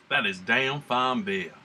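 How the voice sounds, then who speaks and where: A man's voice: mid-range voice, bright, forceful tone, slight background noise. A man from the United States hosting a casual beer-tasting vlog in a put-on American Southern drawl, rambling and laid-back with slang. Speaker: beer reviewer.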